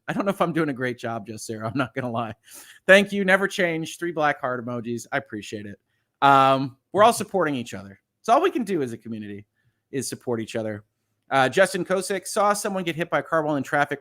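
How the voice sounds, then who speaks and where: A middle-aged man hosting a legal livestream, reading viewer comments aloud in a halting, earnest way that often repeats words. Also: mid-range voice, a bit bright. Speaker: legal channel host.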